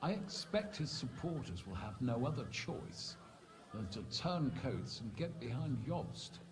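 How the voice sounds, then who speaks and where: An actor playing a composed, worldly male knight in a game, speaking calmly and with a dry edge. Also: mid-range voice, measured pace, close to an everyday voice.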